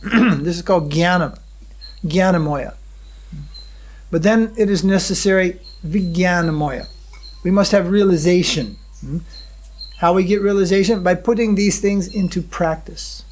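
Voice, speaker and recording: Male spiritual teacher, high-pitched, halting devotional lecture delivery with audience check-ins. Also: darkish tone. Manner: checks in with the audience with a questioning hum; unhurried, halting, with many fillers and restarts.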